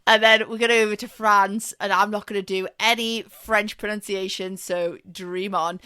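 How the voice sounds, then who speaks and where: A woman's voice: mid-range voice, bright, forceful tone, smooth. A woman co-hosting a podcast, giving casual football chat in a playful, teasing, chatty way. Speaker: podcast co-host.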